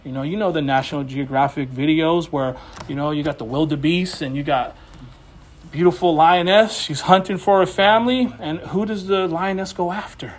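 A man's voice: fairly high pitch, moderate pace. A man pastoring a church, preaching a sermon in a folksy, talkative way full of "you know"s. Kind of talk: conversational sermon. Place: church building.

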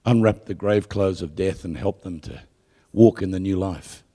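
A man preaching a live sermon, telling stories with jokes and building to loud proclamations. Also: deep voice, normal speed. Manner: lively storytelling with jokes, rising to loud proclamation. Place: church or hall with a live audience.

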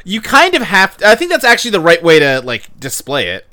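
Man, podcast host, casual rambling chat, fairly high voice, bright tone. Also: wildly swooping pitch, a little fast. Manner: rambling, swears casually, lots of fillers.

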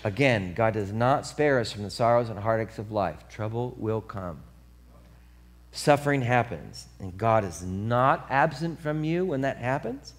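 A man preaching a sermon as pastor, telling a story with lively acted-out voices, then turning quiet and earnest. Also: on the low side, a little slow. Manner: animated storytelling, acts out voices; drops to soft earnest tone for the appeal.

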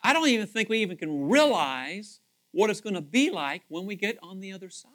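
A male pastor delivering a sermon in a casual, talkative way, his voice sitting a little higher than most men's. He repeats phrases as he thinks aloud, pushing some words out loudly and dropping others to a hush. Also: a little fast. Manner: conversational, animated preaching with frequent repetitions; swings between loud emphasis and hushed asides.

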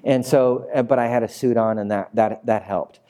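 Middle-aged guy pastor, mellow warm voice, tells his story like he's acting it all out. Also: mid-range voice, fairly even intonation, normal speed. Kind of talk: sermon with storytelling.

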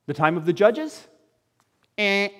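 A man preaching a sermon to his congregation, firing off rhetorical questions and swinging between loud exclamations and quiet, low asides. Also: sing-song, slow, in a large hall. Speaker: pastor.

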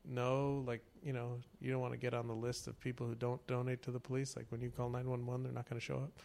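Man, casual podcast co-host, rambling storyteller, average pitch. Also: monotone, fast talker, gravelly, a little mellow, a little hiss or hum. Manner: rambling storyteller, acts out phone callers. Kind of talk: casual chat.

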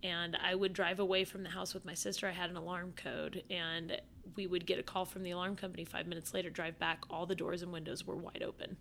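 A woman guest on a podcast telling a story in casual chat, animated and profane, with lots of fillers. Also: lowish voice, fast, vocal fry, hardly any pauses, slight background noise.

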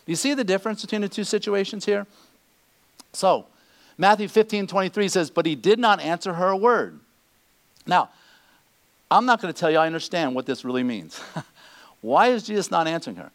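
A man preaching a sermon, animated, acting out the people he quotes. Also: high-pitched, moderate pace, pauses often. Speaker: pastor.

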